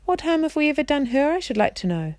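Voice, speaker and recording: Indignant schoolboy, read by a woman, storybook, blurting, raised pitch, dry close sound. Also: big pitch swings, fast, a little mellow, no echo. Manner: blurting, outraged. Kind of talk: reading a storybook aloud.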